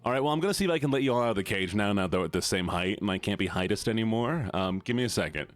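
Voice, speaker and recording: A man's voice: lively intonation, rapid-fire, faint music behind. A man live-streaming in a playful, teasing way, chatting with his viewers. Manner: playful, teasing, squeals high when mock-upset. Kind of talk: casual live-stream chat.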